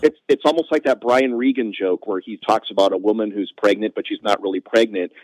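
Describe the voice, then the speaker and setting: A man, a comedian guest on a podcast, telling self-mocking anecdotes in a lively conversational way. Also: no room sound, rough recording. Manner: animated, self-mocking anecdotes with quick pitch jumps. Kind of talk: conversational storytelling.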